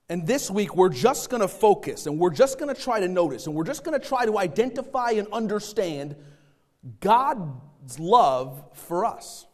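A man preaching a sermon, swinging between loud stressed phrases and quiet asides. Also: a little high, in a large hall. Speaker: pastor.

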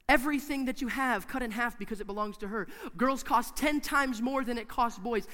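A man preaching a sermon in a church, emphatic and repetitive, swinging from hushed to loud. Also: very high voice, fairly quick, few pauses, in a large hall.

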